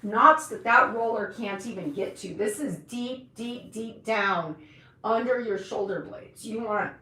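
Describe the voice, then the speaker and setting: Woman, live-stream host, slow, slightly high, chatty and slangy, echoey room. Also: pushed and bright. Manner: chatty, joking, slangy, drawn-out. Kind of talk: casual live-stream exercise demo.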